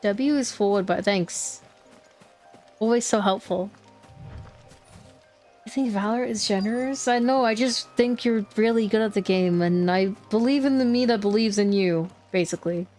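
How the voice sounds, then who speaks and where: A woman's voice: mid-range voice, moderate pace, darkish tone, soft background music. A woman streamer giving casual, playful commentary while she plays, chatting to herself and laughing easily.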